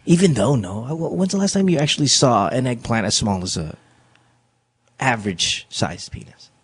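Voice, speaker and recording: A man's voice: mid-range voice, lively intonation, normal speed, slightly rough. A man co-hosting a late-night advice show, joking crudely and swearing freely. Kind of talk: casual, profane banter.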